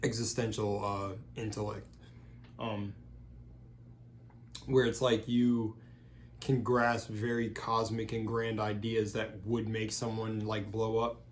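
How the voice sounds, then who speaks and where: A man's voice: lowish voice, little pitch movement, slow, pauses often, slight background noise. Rambling young man chatting over a meal. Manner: loose and rambling, heavy with fillers and swearing. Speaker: vlogger. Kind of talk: casual rambling monologue while eating.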